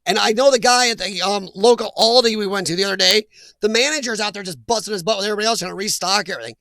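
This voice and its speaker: A man's voice: high voice, rapid-fire, gravelly, sharp tone, no echo. A man hosting a casual live chat, reading viewer names aloud and laughing often. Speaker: livestream host reading chat.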